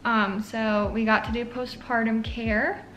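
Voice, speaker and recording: A young woman with a slightly high voice shares a personal story in a casual vlog. She talks in a chatty way, full of fillers. Her voice cracks now and then with emotion. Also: level tone, a little slow, fairly bright tone, a little hiss or hum. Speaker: nursing student.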